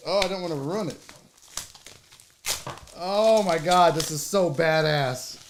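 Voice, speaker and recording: A woman hosting a casual online show, talking straight to viewers as she unboxes a gift, excitable and swearing freely. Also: sits low, slow, slight background noise. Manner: excitable and heavily profane; talks straight to the audience. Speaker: sports show host.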